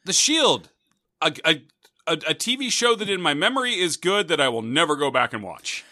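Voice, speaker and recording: A man co-hosting a podcast, chatting casually and joking with a giggly, animated manner. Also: fairly high pitch, normal speed. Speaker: podcast co-host.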